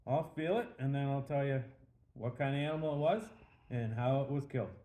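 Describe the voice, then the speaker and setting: A man's voice: mid-range voice, brisk, warm tone, close to an everyday voice. A man voicing a bragging big game hunter in a told joke, in an echoey room. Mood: boastful.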